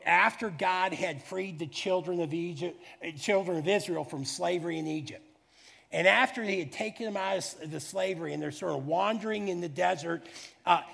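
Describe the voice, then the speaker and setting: A man preaching a sermon as a pastor, fervent and emphatic, repeating phrases and building to shouts. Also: high-pitched, creaky. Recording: reverberant hall.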